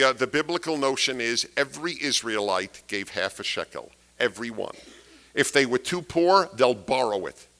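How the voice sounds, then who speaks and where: Bright-toned emphatic man lecturing. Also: fairly low pitch. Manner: emphatic, rhetorical questions, repeats key phrases. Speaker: speaker giving a talk. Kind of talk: political lecture to an audience.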